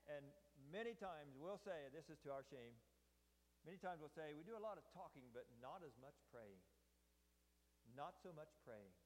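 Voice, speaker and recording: A man preaching a conversational sermon in a folksy way, often repeating and restarting his phrases as he talks things through. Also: on the high side. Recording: echoey hall with long reverb.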